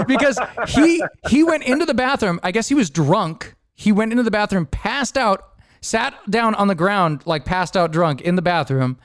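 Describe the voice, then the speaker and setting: Animated, laughing podcast host man. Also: high voice, no echo, clean studio sound. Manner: laughing often, animated storytelling with impressions. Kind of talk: casual storytelling chat.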